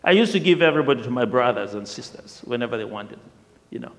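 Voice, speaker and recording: A man telling a personal testimony in a lively storytelling way, often repeating himself, with the long reverb of a large hall. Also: mid-range voice, fast talker, creaky. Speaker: speaker sharing a testimony.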